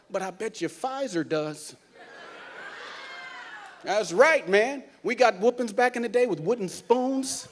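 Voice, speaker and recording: A man doing a stand-up comedy set on a cruise ship theater stage, telling stories in an animated way and acting out family scenes. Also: high voice, unhurried, pauses often.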